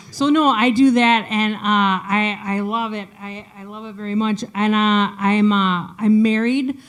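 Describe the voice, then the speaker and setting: A woman doing a stand-up set, chatty and self-deprecating, with lots of fillers and restarts. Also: medium pitch. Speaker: stand-up comedian. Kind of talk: stand-up set performed remotely. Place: studio, audience not audible.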